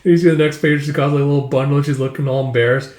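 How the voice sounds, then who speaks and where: A man recaps a manga in a loose, chatty way. His voice sits a little high. The recording has a roomy echo. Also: fairly even intonation, very fast, a little mellow. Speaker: manga reviewer.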